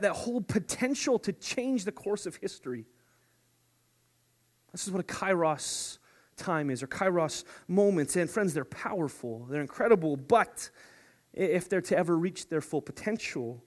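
A man with a high voice delivering a sermon to his congregation. He is animated and playful, dropping to a hush and then climbing to excited shouts. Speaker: preacher.

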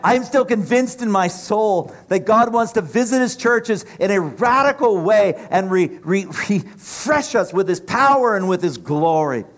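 Impassioned high-voiced male preacher. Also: lively intonation, unhurried, hardly any pauses. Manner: impassioned, rhythmic preaching with repeated phrases. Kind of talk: sermon.

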